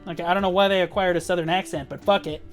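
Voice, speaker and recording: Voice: mid-range voice, steady tone, fast talker, soft background music. A gaming guild leader telling a live-stream story as a rant, profane and emphatic, full of "like" and "um". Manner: profane, heated and emphatic, with frequent "like" and "um".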